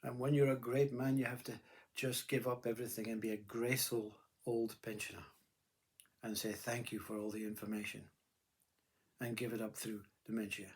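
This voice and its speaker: A man's voice: lowish voice, level tone, normal speed. A man giving a rambling philosophical monologue, with blunt earthy words, who keeps saying "you see" and "you know". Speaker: spiritual speaker.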